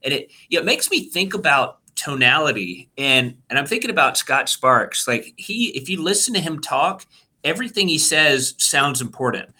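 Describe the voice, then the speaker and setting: A man co-hosting a podcast, chatting casually with quick enthusiasm and lots of fillers in a husky voice. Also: on the high side, sing-song, pushed and bright. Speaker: podcast co-host.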